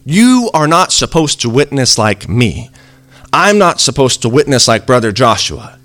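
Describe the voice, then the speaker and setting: A man's voice: medium pitch, big pitch swings, measured pace, fairly bright tone, no room sound. A man preaching a sermon in an earnest, conversational way, acting out little quoted exchanges.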